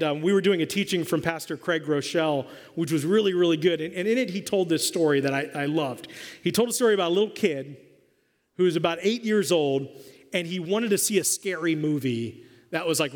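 A man preaching a sermon as pastor, emphatic and quizzing his congregation in a church hall. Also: a little high. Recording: long hall reverb.

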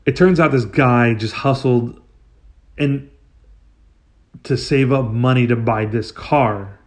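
A man's voice: mid-range voice, slow pace. A man hosting a podcast who tells a story in a casual, comedic way, swearing freely, sounding exasperated and breaking into sudden outbursts. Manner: profane and exasperated, with rising outbursts. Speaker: podcast host.

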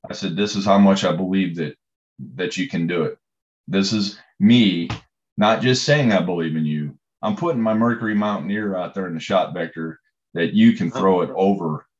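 A man's voice: low voice, normal speed, muffled recording. A man, a coach, telling stories in a conversation, rambling with many fillers and restarts. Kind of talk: storytelling in conversation.

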